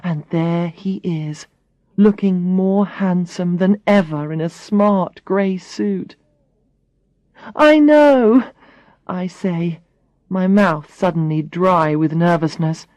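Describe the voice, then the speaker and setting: A woman reading a first-person story aloud for English learners, clearly and expressively. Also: fairly low pitch, fairly even intonation, slow pace, a little mellow, dry recording. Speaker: audiobook reader.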